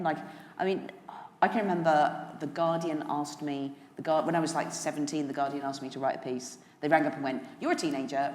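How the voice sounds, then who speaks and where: A woman's voice: sits low, darkish tone, big-room sound. A woman around fifty, a guest author on stage at a lunch event, chatting candidly and laughing often. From England, West Midlands. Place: large hotel function room.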